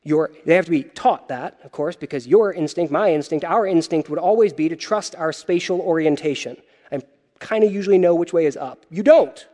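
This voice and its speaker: High-voiced man preaching in a reverberant hall. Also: brisk. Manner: animated, wry asides to the congregation. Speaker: pastor. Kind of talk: sermon.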